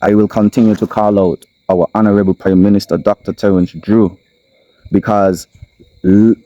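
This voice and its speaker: A low, mellow-toned man with a Kittitian accent speaks straight into his camera, in a dry, close recording. He talks as the host of his own channel, pressing his points with repetition and slow, weighty stress. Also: flat delivery, no room sound, dull audio. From Saint Kitts. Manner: emphatic, repeats lines, slows for stress. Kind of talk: impassioned solo commentary. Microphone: camera mic.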